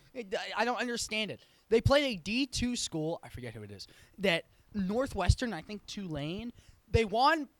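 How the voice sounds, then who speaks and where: A man's voice: sits high, a bit bright, dry recording. A man hosting a sports show, giving blunt, opinionated, rambling commentary full of self-corrections in a casual tone.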